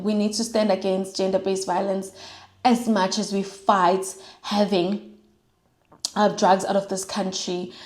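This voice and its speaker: A woman's voice: mid-range voice, darkish tone. South African woman, young adult, earnest vlogger voice, repeats lines for emphasis, roomy echo. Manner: mixes in Zulu and Sotho phrases. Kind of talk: heartfelt monologue while doing makeup.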